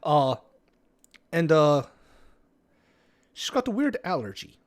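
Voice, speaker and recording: A man's voice: a little high, big pitch swings, takes it slowly. A man running a tabletop game on a live stream, rambling casually and swearing freely. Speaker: game master.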